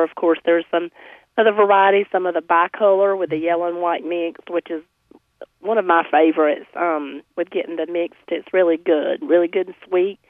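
A woman with a slightly hoarse voice, cheerfully reporting by phone on a farmers market, listing produce with lots of ums. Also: fairly low pitch, dry recording. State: slightly hoarse, recovering from laryngitis. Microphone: phone call. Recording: tinny phone line.

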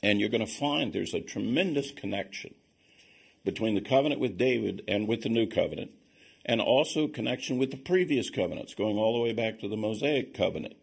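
A man teaching on scripture as a Bible teacher, explaining in a measured way and reading passages aloud. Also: on the low side, vocal fry, breathy edge.

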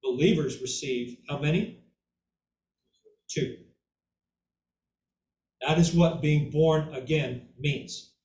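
A man's voice: fairly high pitch, takes it slowly, pauses often, darkish tone. A man giving an informal Bible teaching who keeps checking in with "okay?" and "right?" and repeats words for emphasis. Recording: echoey room, mic far off, faint ambience.

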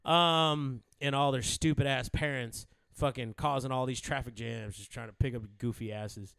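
A man's voice: mid-range voice, steady tone, moderate pace, gravelly, fairly bright tone, clear, resonant tone, no room sound, clean studio sound. Laughing, rambling storyteller man. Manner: rambling, laughs often, acts out voices in stories. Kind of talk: casual profane storytelling.

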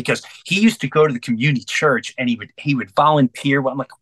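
A man's voice: mid-range voice, big pitch swings, fairly quick, hardly any pauses, sharp tone, slightly rough, no echo. A middle-aged comedian telling a story as a guest in an interview, earnest and intense, acting out both sides of each conversation he recalls.

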